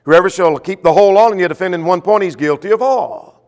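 A man preaching a sermon, emphatic, swinging between loud stressed points and soft drawn-out phrases. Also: sits high, big-room sound.

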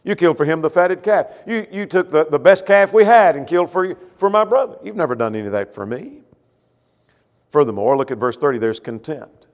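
A man preaching a sermon, with rhetorical questions and swings between loud emphasis and quiet, low asides. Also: in a large hall.

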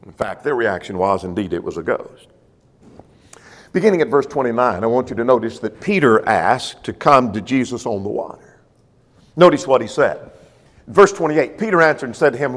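A man's voice: medium pitch, expressive, normal speed, big-room sound. A man preaching a sermon, walking listeners through the text verse by verse. His delivery swings from strong emphasis down to near-murmured phrases. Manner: expository, guiding listeners verse by verse.

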